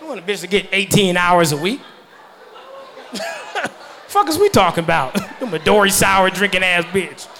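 A man in his thirties performing a stand-up comedy set, loud and profane, laughing at his own jokes as the audience laughs. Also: high voice, lively intonation, moderate pace, long pauses, some chatter behind. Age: 30s.

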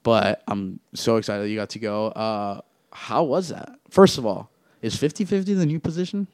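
A man's voice: on the low side, moderate pace, a little mellow, no echo, studio quality. A young man hosting a casual chat, laid-back and slangy, often calling others "bro" and "man". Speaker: podcast host.

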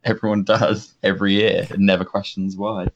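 A man's voice: on the low side, flat delivery, moderate pace. A man chatting casually on a podcast, blunt and jokey, peppering his talk with "mate" and "like". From England. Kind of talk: casual chat. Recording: slightly dull lo-fi sound with faint noise.

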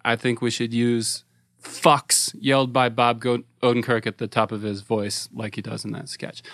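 A man's voice: medium pitch, fairly bright tone, clear, resonant tone, dry recording, clean studio sound. A man appearing as a podcast guest, playful and upbeat in a casual discussion.

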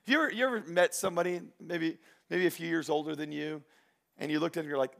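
A male pastor preaching a sermon in an animated, joking way, acting out the voices of people he quotes. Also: fairly high pitch, fast, gravelly.

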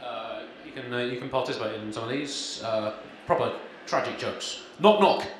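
A man doing a stand-up comedy set with a dry, halting delivery full of ums and uhs, performed live. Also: medium pitch, steady tone, background noise. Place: live comedy venue, in front of an audience. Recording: echoey live room with crowd.

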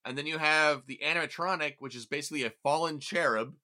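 A man co-hosting a podcast in casual chat, with expressive, excitable reactions. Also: on the high side, fast talker. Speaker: podcast co-host.

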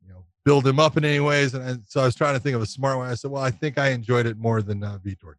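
A man's voice: mid-range voice, fast, no room sound. Laughing, swearing man telling a story. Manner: animated, laughs through his story, swears freely. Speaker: podcast co-host telling a story. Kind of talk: casual storytelling.

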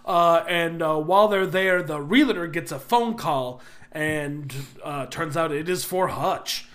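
A man with a high voice talks through a film's plot in loose, chatty podcast banter. He rambles with plenty of fillers and keeps breaking into laughter. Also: measured pace, fairly bright tone. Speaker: podcast co-host. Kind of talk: casual movie recap chat.

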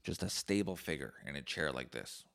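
Gravelly low-voiced man ranting. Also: expressive, a little fast, a bit bright. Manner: profane, sarcastic, rambling. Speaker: podcast host. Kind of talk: casual solo podcast rant.

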